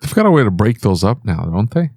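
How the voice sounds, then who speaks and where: A man's voice: fairly low pitch, big pitch swings, fast, darkish tone, dry recording, studio quality. A man hosting a podcast, chatting casually and asking short follow-up questions. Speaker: podcast host. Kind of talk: casual chat.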